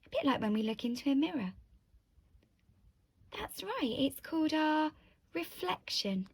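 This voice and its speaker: A woman teacher reading a picture book to children, gentle and asking them questions. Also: sits high, very animated, a little slow, no echo.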